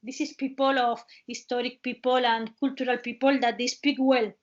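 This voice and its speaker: A woman from southern Spain with an Andalusian Spanish accent, a Spanish speaker presenting in halting English with many restarts and fillers, hosting a webinar over a video call. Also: a little high, flat delivery, highs cut off. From Cádiz province, Spain. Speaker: webinar host and travel guide.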